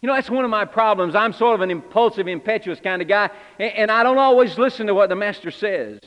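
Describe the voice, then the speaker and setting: Playing Simon Peter, the impulsive fisherman turned apostle, a man preaches an earnest, confessional sermon in the first person to a congregation. His voice is high for a man and fast, close to an everyday voice, with dull audio and a long reverb ringing through a church hall. The mood is reflective, and he is a preacher in character.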